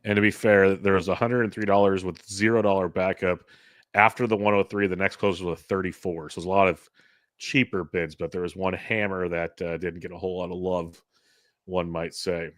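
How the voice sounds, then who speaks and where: A man hosting a fantasy baseball podcast, running through his picks in a relaxed, rambling way. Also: low voice, fairly quick, no echo, clean studio sound. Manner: relaxed, rambling stat rundown. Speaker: podcast host. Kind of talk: casual fantasy baseball chat.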